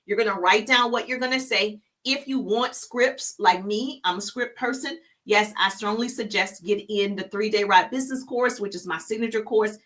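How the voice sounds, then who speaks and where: A middle-aged woman giving business coaching on a live stream, animated and preachy, repeating key phrases for emphasis. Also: medium pitch, moderate pace, hardly any pauses.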